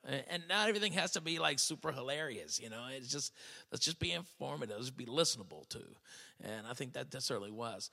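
A man's voice: medium pitch, lively intonation, fast talker, gravelly, pushed and bright, long reverb tail. A man hosting a show in casual chat, blunt and profane, rambling and restarting his sentences. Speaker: podcast host.

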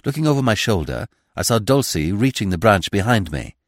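A man narrating a classic mystery novel as a podcast reader, in a measured, expressive storytelling manner. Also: fairly low pitch, no room sound, studio quality. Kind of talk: audiobook reading of a classic mystery.

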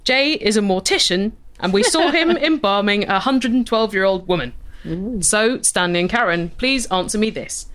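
A woman's voice: mid-range voice, expressive, moderate pace, a bit bright. A woman co-hosting a podcast, reading listener questions with a wry, polished delivery. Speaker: podcast co-host.

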